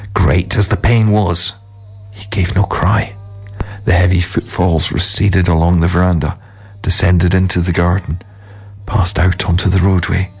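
Very deep, gravelly male storyteller. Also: rough recording. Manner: measured, grave reading. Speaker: narrator. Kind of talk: scripted storytelling narration.

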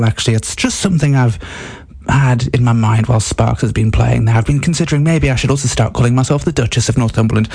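A man's voice: mid-range voice, fast talker, gravelly, darkish tone, husky. Young male radio host, mid-range voice, off-the-cuff self-mocking rambler. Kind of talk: improvised comic radio chat. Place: flat at home.

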